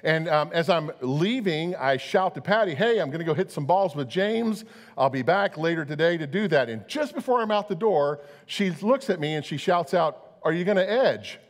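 Chatty pastor in a big reverby hall. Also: male voice, a little high, lively intonation, normal speed. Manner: chatty, repeats words, acts out both sides of a story. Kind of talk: storytelling sermon.

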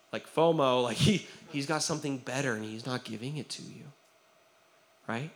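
A man's voice: medium pitch, moderate pace. A young man preaching a sermon as pastor, conversational and earnest, often checking in with "right?" and acting out quoted voices. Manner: acts out quoted voices, drops to a quiet tone for serious stories.

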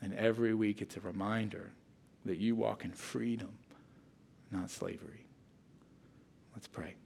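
A man preaching a sermon as pastor, telling a humorous story and then leading his congregation in quiet, earnest prayer. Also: on the low side, unhurried, gravelly, pauses often, breathy edge, faint music behind. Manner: storytelling, reads a humorous story aloud with lively emphasis.

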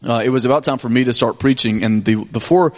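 Pastor telling mission stories. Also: male voice, mid-range voice, quick pace. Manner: casual storytelling with frequent restarts and fillers. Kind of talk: mission trip report to a congregation. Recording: long hall reverb.

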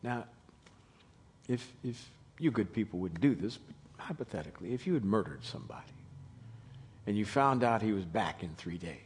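A man preaching a sermon with lots of energy, acting out the Bible characters and swinging from hushed lines to loud ones. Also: lowish voice, expressive, moderate pace, pauses often, breathy edge. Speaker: pastor.

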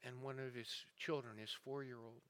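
A male pastor preaching a sermon, telling stories with swings between building intensity and a hushed, somber tone. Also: medium pitch, fairly even intonation, normal speed. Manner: dramatic storyteller, rising and falling intensity. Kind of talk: sermon storytelling. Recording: sermon audio recording.

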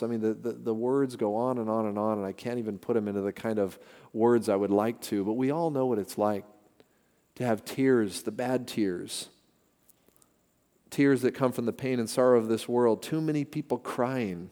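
A man's voice: mid-range voice, normal speed. An older man preaching a sermon, telling stories with emphatic repetition. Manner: animated storytelling with emphatic repetition. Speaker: pastor. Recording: long reverb of a large hall.

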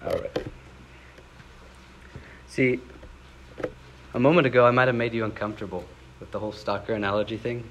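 A man's voice: on the low side, steady tone, normal speed, long pauses, fairly bright tone, muffled recording, slight background noise. A young man giving a sermon in a casual, conversational way, rising into dramatic scripture readings. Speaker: preacher.

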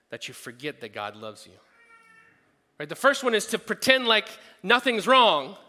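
A man's voice: high voice, bright, forceful tone. A man preaching a sermon as a pastor, earnest and conversational, with frequent restarts. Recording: long hall reverb.

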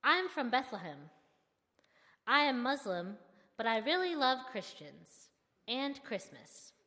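A woman's voice: on the high side, slow, big-room sound, full character voice. A woman voicing a friendly, curious male driver who asks eager, kindly questions in a storytelling performance. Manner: kind, eager, excited questions.

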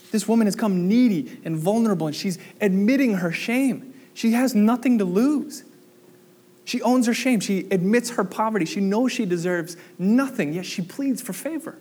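A young adult man preaching a sermon, animated and asking the congregation questions. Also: high-pitched. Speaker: pastor.

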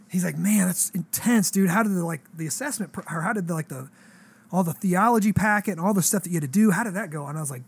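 Brief: man, 30s, pastor, high voice, lively slangy storytelling. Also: fast talker, gravelly, husky. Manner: animated, slangy, acts out quoted dialogue. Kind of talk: casual storytelling on a podcast.

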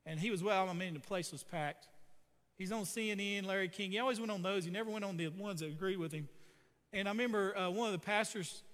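A man's voice: sits high, fairly bright tone, in a large hall. A man preaching a sermon as pastor, in a conversational, folksy way with jokes and asides. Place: church.

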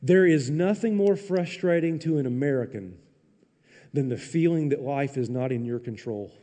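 A man preaching a sermon as a pastor, animated and sarcastic, acting out mock quotes in raised voices. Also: mid-range voice, moderate pace, big-room sound. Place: church.

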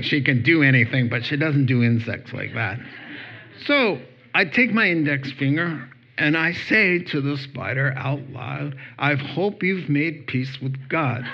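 A man's voice: medium pitch, muffled recording, a little hiss or hum. A man preaching a sermon, telling stories with acted-out voices and laughing at his own jokes. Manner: animated storytelling, acts out voices and laughs. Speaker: pastor.

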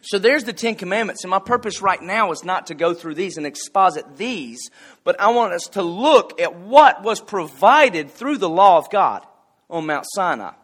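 Guy preaching a chatty sermon, kinda high voice, folksy and jokey. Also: expressive, normal speed, fairly bright tone. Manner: folksy, conversational, jokes with the congregation. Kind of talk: casual sermon with anecdotes.

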